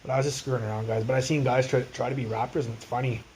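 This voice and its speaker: A young man rambles through street stories on a phone livestream. His talk is casual and full of profanity, his voice sits at an ordinary middle pitch, and faint background noise runs underneath. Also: steady tone, racing, a little mellow, low-quality recording.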